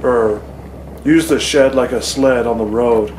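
A man's voice: mid-range voice, measured pace, a little mellow, roomy sound, slight background noise. A young man vlogging from his phone in a small shed at night, talking casually with lots of fillers and rambling. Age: young adult. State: out of breath. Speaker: vlogger farmer. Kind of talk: casual vlog narration. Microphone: phone camera.

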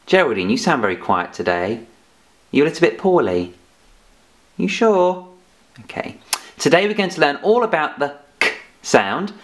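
A man's voice: on the high side, big pitch swings, normal speed, pauses often. A man teaching phonics to children, patiently and playfully telling off a puppet giraffe as he goes. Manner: gently scolding, patient, playful.

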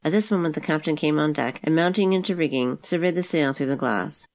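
A woman narrating a classic adventure novel aloud in a steady, even reading. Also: low-pitched, a little fast. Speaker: audiobook narrator.

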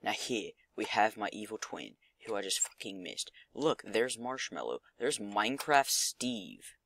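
A man's voice: lowish voice, very animated, measured pace, creaky, a bit bright, no room sound. Young man muttering over gameplay. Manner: muttering, swearing, self-mocking. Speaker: gaming commentator. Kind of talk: casual gameplay commentary.

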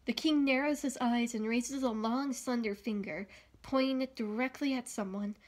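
A woman reading a novel aloud, steady and even, with the occasional slip of the tongue. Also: a little high, moderate pace. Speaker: audiobook reader.

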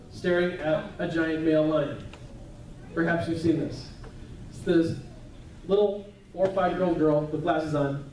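A man's voice: fairly high pitch, warm tone, a little hiss or hum. Man preaching in an echoey church. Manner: conversational, chatty preaching with asides. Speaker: pastor. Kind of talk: sermon. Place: church sanctuary. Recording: echoey church hall, mic at a distance.

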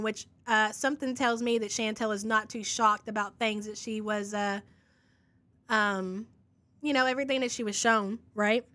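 A woman's voice: fairly high pitch, a bit bright. A woman hosting a live reaction podcast, reading chat messages and making sarcastic remarks. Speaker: commentary podcast host.

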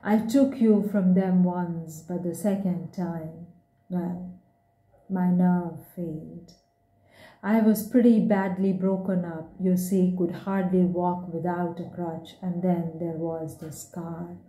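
A woman voicing a scarred young man who speaks quietly and ruefully. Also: high-pitched, fairly even intonation, slow pace. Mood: subdued. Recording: echoey room.

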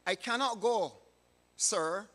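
A man's voice: high voice, animated, measured pace, pushed and bright, exaggerated voice. A man voicing an honest young shepherd boy, earnest and steadfast in a sermon story, in a reverberant hall. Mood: firm, earnest.

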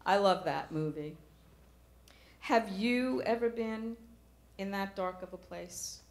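A middle-aged woman delivers a sermon in a church. She speaks earnestly, often asking her listeners questions. Her voice sits at a typical pitch and carries the echo of the room. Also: expressive, slow pace, a little mellow. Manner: earnest, rhetorical questions to the congregation. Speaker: preacher.

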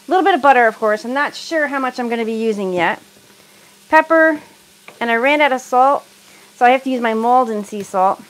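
A woman's voice: a little high, a little hiss or hum, poor audio. Chatty woman cooking in her kitchen. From United States. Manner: chatty, laughs often, reads and answers live comments. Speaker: cooking livestream host. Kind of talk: casual chat while cooking. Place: home kitchen.

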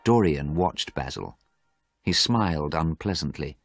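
A man narrating a graded story in a steady, clear storytelling manner. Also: low voice, moderate pace, faint music behind.

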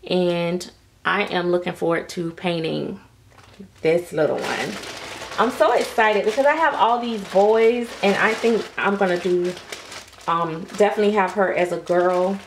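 A woman reviewing doll kits in a casual vlog, gushing with frequent excited exclamations and using Southern vernacular like "y'all". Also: mid-range voice, a little hiss or hum. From United States.

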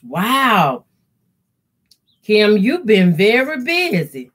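A middle-aged woman, hosting a casual quilting live stream, reading viewer comments and praying aloud with deep feeling. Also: slow pace, pauses often, a bit bright. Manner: heartfelt, prays aloud with deep emotion. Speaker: quilting channel host.

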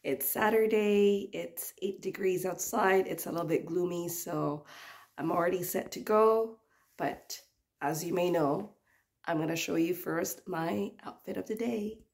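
A woman's voice: lowish voice, unhurried, gravelly, a little mellow, no echo. A young woman vlogging a thrift run in a chatty, upbeat way, her voice a little muffled from a cold she is getting over. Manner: chatty, upbeat, addresses viewers directly. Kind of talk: casual vlog narration.

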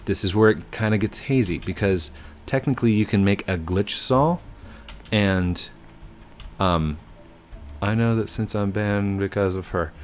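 A man doing casual gameplay commentary, apologetic yet firm as he lectures players about rule breaking. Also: lowish voice. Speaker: gaming YouTuber.

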